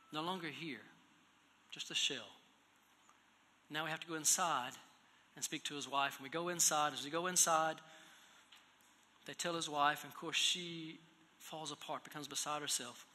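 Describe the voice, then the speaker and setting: A man preaching in a church, telling a personal story, moving from hushed, low passages to loud, raised exhortation. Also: normal speed, long pauses, a little hiss or hum. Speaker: pastor. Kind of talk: storytelling sermon. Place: church hall. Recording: echoey hall reverb.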